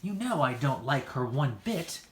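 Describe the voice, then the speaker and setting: A woman voicing a smooth-talking, flirtatious man who gushes theatrically. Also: very deep voice, big pitch swings, a little slow, slight background noise, heavily acted. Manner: theatrical, gushing. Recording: echoey room.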